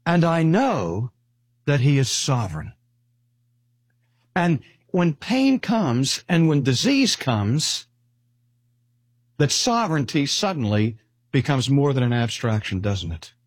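An older preacher with a husky voice delivers an earnest sermon, his pitch swinging widely as he presses each point and slowing down to draw out the key phrases. The recording is close and dry.

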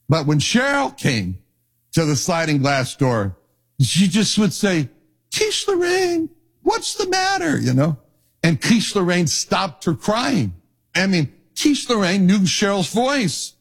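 Animated storytelling man preaching. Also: slightly rough. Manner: animated storytelling, drops low for asides. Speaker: pastor. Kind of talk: sermon with personal stories.

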